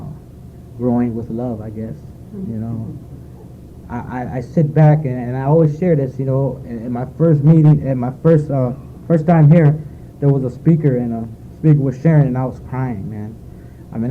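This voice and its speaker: A man sharing his recovery story at a meeting, rambling and heartfelt, with many fillers. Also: medium pitch. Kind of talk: personal testimony at a recovery meeting. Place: meeting room at a retreat. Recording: phone-like lo-fi tape with faint noise.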